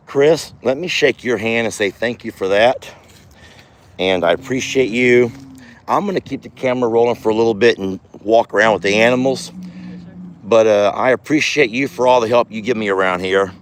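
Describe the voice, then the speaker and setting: Low-voiced guy rambling on his farm vlog outdoors, folksy and chatty, sweet-talking the animals. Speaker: ranch owner and vlogger. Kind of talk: casual vlog narration.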